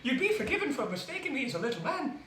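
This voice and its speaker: A woman's voice: high-pitched, big pitch swings, rapid-fire, recorded from a distance, over a noisy crowd. A woman voicing an exuberant, giggly young male gnome adventurer in a tabletop role-play game. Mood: proud. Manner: bubbly, giggly, effusive. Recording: roomy, noisy, from off-mic.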